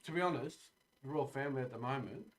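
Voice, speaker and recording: An Australian man in a casual podcast chat, talking very fast. He jumps in eagerly with short remarks and restarts his sentences as he goes. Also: medium pitch. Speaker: podcast guest.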